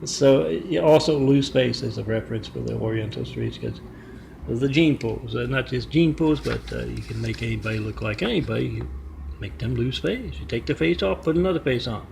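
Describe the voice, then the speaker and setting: A man's voice: mid-range voice, very animated, brisk, gravelly, darkish tone, a little hiss or hum. A man telling a story in a rambling monologue, full of fillers and asides. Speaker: vlogger.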